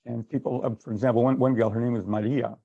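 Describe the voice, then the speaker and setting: A man's voice: mid-range voice, fairly even intonation, quick pace, creaky, dark tone, no echo, highs cut off. A man giving a sales training workshop, conversational, acting out little exchanges as he goes. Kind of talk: workshop talk.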